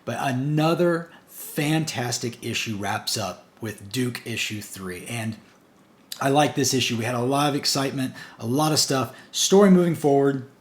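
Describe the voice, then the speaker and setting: A man's voice: mid-range voice, moderate pace. A man casually recapping a comic book issue, stringing events together in long run-on sentences. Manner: chatty, recounts the plot in long run-on strings with "and" and "basically".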